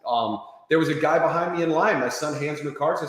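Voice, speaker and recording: An energetic man sells an idea in an interview, telling stories and taking on the voices of the people in them. His voice sits a little high. The recording rings with strong echo and a long reverb tail. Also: quick pace. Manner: energetic, animated storytelling, acting out quoted people. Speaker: interview guest. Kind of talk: enthusiastic sales pitch in an interview. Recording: very echoey room with long reverb.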